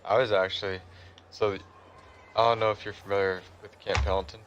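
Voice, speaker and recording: A man's voice: on the low side, flat delivery, brisk, highs cut off, noisy background. A man telling a meandering, conversational story in a casual way while he plays a game. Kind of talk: casual storytelling over gameplay.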